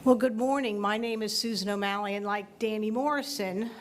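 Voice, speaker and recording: A middle-aged woman professor giving closing remarks at a ceremony, telling a gently humorous story. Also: medium pitch, fairly even intonation, brisk, a little hiss or hum. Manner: warm, lightly humorous storyteller.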